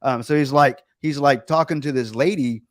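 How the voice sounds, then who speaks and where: A middle-aged man, a guest, telling a rambling story in a lively, animated way. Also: mid-range voice, normal speed, no room sound, studio quality. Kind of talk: casual storytelling chat.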